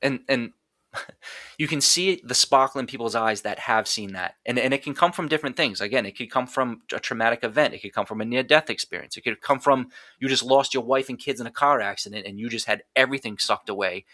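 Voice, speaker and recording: Blunt, swearing man with a bright voice. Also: medium pitch, brisk, no echo, studio quality. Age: adult. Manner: raw, blunt, heavy swearing, restarts. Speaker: podcast guest. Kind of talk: emotional personal storytelling.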